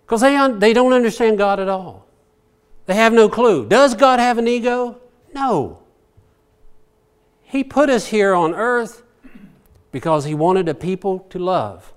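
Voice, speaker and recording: A man's voice: sits high, expressive, unhurried, pauses often, clean tone. An older man preaching a folksy, conversational sermon, asking rhetorical questions and chuckling as he goes. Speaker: pastor.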